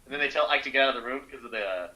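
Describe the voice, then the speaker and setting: A man's voice: medium pitch, rapid-fire, sharp tone, rough recording. A man co-hosting a podcast in casual chat, enthusiastic, swearing freely and filling his speech with "like". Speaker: podcast co-host.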